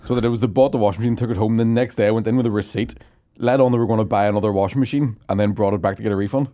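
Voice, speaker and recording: A man's voice: lowish voice, fairly even intonation, racing, dark tone. A young man, co-hosting a podcast, telling crude stories in casual banter. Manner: crude, swearing, joking storyteller. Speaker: podcast co-host.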